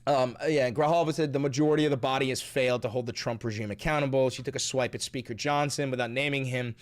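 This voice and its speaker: A man hosting a political commentary stream, talking in a profane, excitable way and laughing often. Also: mid-range voice, fast talker. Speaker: streamer host.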